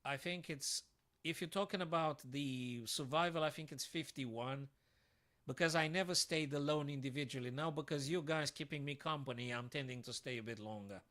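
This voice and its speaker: A man's voice: on the high side, normal speed, a bit bright. A man streaming live chess puzzles, thinking aloud to his viewers and breaking into sudden frustrated outbursts.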